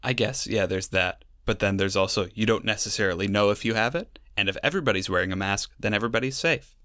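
A young man with a lowish voice, recorded close and dry, chatting on a podcast. He talks in a wry, sarcastic way and rambles easily through his stories. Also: quick pace, sharp tone, no room sound. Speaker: podcast co-host. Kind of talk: casual chat.

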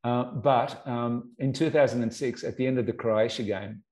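An Australian man in middle age, telling his stories as a guest in a casual interview. His voice is warm and mellow at an ordinary pitch. He tumbles through his anecdotes with animated restarts and repeated words. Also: moderate pace.

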